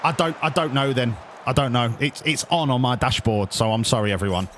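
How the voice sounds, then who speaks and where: A man's voice: mid-range voice, a little fast, a bit bright, a little hiss or hum. A young man streaming a football management game, talking casually with viewers and cheering his players, swearing often. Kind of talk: casual live-stream commentary.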